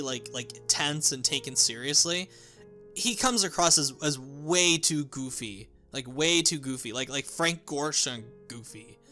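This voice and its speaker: A man's voice: fairly high pitch, sharp tone. A young man giving a casual, rambling movie review, often restarting his sentences and swearing. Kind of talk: casual spoken film review.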